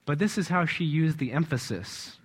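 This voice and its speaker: A man's voice: on the high side, lively intonation, moderate pace, husky. Man giving an emphatic, chatty sermon. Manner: warm, emphatic, chuckles often. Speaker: church speaker. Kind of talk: conversational sermon.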